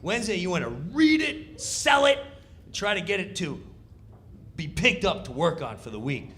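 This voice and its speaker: A man telling a stand-up comedy story in an animated, punchy way, acting out the scenes. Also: high-pitched, normal speed.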